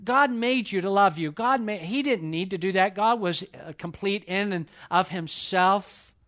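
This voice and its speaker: A man preaching a sermon at a church service, building through repeated phrases, then dropping to a hush. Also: high-pitched, unhurried. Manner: impassioned, repetitive preaching with sudden swells and hushed drops. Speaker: pastor.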